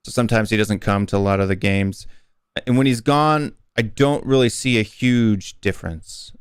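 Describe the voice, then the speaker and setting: A man's voice: lowish voice, normal speed, clear, resonant tone, dry recording, clean studio sound. An American man chatting casually as a guest, explaining at length with fillers and restarts. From United States. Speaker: guest football YouTuber. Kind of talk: casual interview chat.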